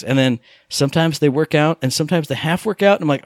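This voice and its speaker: A man co-hosting a gaming podcast, chatting casually and rambling excitedly through his stories. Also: on the high side, quick pace, no room sound, clean studio sound. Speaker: podcast co-host.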